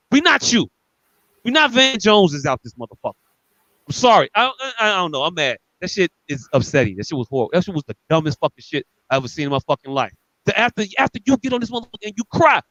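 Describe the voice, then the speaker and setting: High bright-voiced guy, cussing and ranting hard on a podcast, dry dull lo-fi sound. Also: dry recording. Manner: angry, profane, repetitive ranting. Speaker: podcast co-host. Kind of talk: heated podcast rant.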